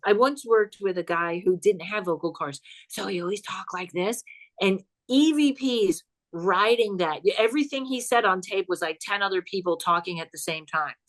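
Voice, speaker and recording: Woman guest telling a creepy tale, chatty and animated, laughs mid-story, medium pitch. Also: normal speed, hardly any pauses. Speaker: guest, psychic comedian. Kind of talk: casual storytelling chat.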